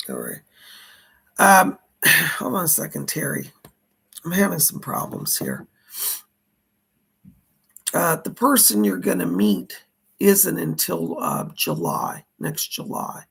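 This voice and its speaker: Man, psychic medium, live-stream readings, raspy, hoarse, gravelly. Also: a little high, huge pitch swings, slow pace, pauses often, fairly bright tone. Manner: chatty, reads out viewer donations and questions. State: hoarse, voice going.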